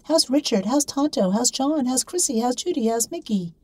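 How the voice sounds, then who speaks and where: A woman voicing a dying woman friend who coaxes the others to talk, gently insistent. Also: sits high, expressive, normal speed, no echo, pitched above the performer's own voice.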